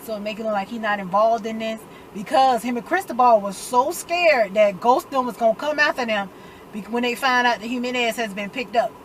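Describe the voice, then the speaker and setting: A woman recapping a TV episode in casual chat, retelling scenes through animated quoted voices in a dialect. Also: on the high side, fairly quick, a little hiss or hum, low-quality recording. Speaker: TV recap vlogger.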